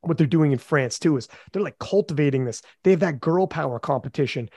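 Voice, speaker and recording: A man hosting a casual podcast chat, animated and quick with asides. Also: on the high side, no echo. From Canada. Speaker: podcast host.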